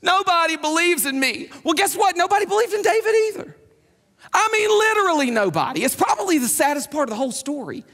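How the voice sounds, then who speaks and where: A man's voice: very high voice, lively intonation, fast talker, fairly bright tone. A man preaching a sermon in an emphatic, conversational way, repeating his key points. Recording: long hall reverb.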